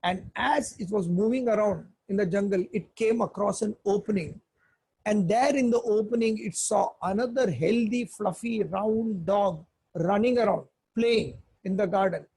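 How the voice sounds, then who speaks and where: A man's voice: high-pitched, normal speed, gravelly, warm tone, husky, low-quality recording. A man giving a spiritual discourse, teaching earnestly and emphatically through animal fables.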